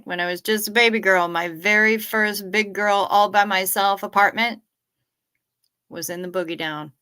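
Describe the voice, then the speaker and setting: A woman's voice: medium pitch, sharp tone, clean tone. A woman in young adulthood hosting a casual late-night livestream, chatting, reading out viewer comments and swearing freely. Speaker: livestream host.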